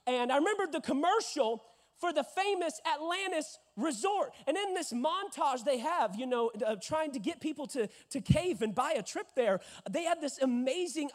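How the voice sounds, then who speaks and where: A young man in his twenties preaching a sermon, telling a lively story and acting out voices, rising to shouts at the peaks. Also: very high voice. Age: 20s.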